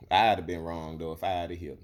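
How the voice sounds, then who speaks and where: A young man from Alabama, delivering a blunt, profane, heated rant to camera. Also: low-pitched. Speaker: vlogger. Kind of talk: ranting monologue.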